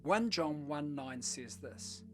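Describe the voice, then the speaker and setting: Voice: mid-range voice, expressive, slow, music in the background. A pastor giving a short devotional message in a conversational, storytelling manner.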